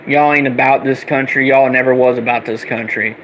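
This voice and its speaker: A young man in an angry, profane rant that circles back on the same insults. His voice sits at an ordinary middle pitch, with a faint air-conditioner hum in the background. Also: fairly even intonation, brisk, a bit bright, poor audio. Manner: heated, profane, repetitive ranting. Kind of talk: angry political rant vlog.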